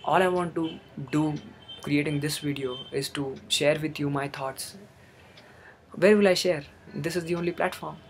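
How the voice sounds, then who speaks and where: A man's voice: on the high side, fairly even intonation, normal speed, slight background noise. A young man giving an earnest motivational talk, repeating phrases for emphasis. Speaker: motivational speaker. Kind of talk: motivational monologue.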